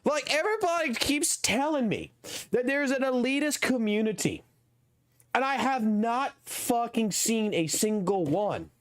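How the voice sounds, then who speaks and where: A man's voice: very high-pitched, animated, measured pace, no echo, clean studio sound. A young man from the American South with a Southern accent, ranting heatedly and profanely on his live game stream.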